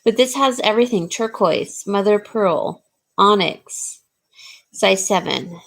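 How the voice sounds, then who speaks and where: A woman's voice: medium pitch, expressive, takes it slowly, gravelly, fairly bright tone. A woman casually showing and describing jewelry for sale, rambling with frequent ums and restarts. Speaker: jewelry seller. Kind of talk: casual jewelry showcase talk.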